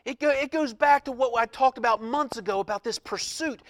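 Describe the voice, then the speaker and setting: A high-pitched man preaching from the pulpit, his voice dropping to a hush over scripture and rising to a loud, fervent pitch when the point lands. The recording is dry and close, with no room sound. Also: fairly quick, hardly any pauses, dry recording. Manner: swings from soft hushed reading to loud impassioned preaching. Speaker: pastor. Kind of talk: sermon.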